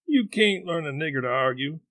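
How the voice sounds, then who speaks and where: A man's voice: on the high side, lively intonation, a little fast, fairly bright tone, no room sound. A man reading a novel aloud, narrating in a rustic first-person voice. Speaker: audiobook reader. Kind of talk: storybook narration.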